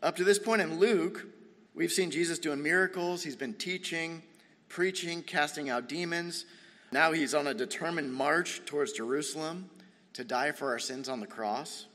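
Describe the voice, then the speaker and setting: A man preaches from the pulpit, slipping into a chatty, self-deprecating story before the scripture. His voice sits a little higher than most men's. The recording carries the long, lingering reverb of a church sanctuary. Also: moderate pace, a bit bright. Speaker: pastor. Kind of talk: sermon with personal storytelling.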